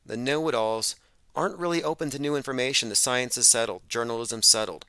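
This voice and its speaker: A man's voice: medium pitch, fairly quick, pushed and bright, clear, resonant tone, dry recording. A man hosting an open-phones radio show, talking in an emphatic, sarcastic monologue.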